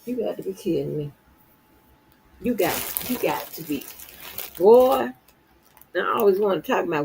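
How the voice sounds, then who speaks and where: Middle-aged woman from Florida, husky and low-set, exasperated profane streamer whose pitch jumps wildly between muttering and outbursts. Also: very animated, a little slow, long pauses, darkish tone, low-quality recording. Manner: exasperated, swears constantly, swings from low mutter to high outbursts. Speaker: streamer commenting on news. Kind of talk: casual profane commentary.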